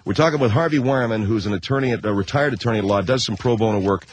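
A man hosting a call-in radio talk show, prodding his guests quickly. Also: lowish voice.

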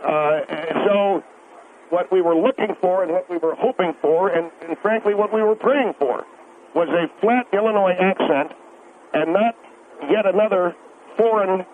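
A man's voice: high voice, measured pace. A man calling in to a radio show, ranting in a rambling, insistent way, stumbling over words and repeating himself. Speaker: radio caller. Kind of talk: rambling phone-in rant. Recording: tinny phone line with faint hiss.

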